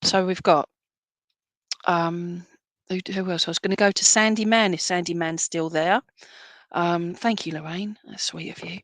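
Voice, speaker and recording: Reassuring woman, lowish voice. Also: fairly even intonation, normal speed, fairly bright tone, dry recording. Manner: affectionate, reassuring, frequent "all right?" checks. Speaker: medium giving spirit readings. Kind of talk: live-streamed church service readings.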